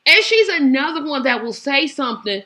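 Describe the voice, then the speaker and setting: A woman's voice: high voice, sing-song, moderate pace, pushed and bright. A woman hosting a political commentary show, talking in a sassy, exasperated way and hammering her points with repetition. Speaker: show host.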